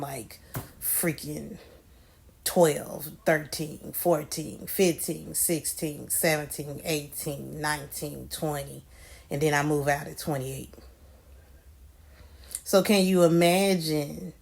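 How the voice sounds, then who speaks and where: A woman in her forties talking candidly to her viewers, reflective and blunt with casual swearing. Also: sits low. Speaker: vlogger. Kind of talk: candid personal talk.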